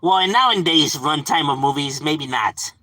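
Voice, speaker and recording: A man talks loosely to his stream viewers, his pitch swinging up and down as he goes. His voice is bright and forward, and it sounds close and dry with no room echo. He swears casually and laughs easily. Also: animated, normal speed. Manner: loose and profane, laughs often, lots of fillers; chatting back to unseen viewers. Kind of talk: casual live-stream chat.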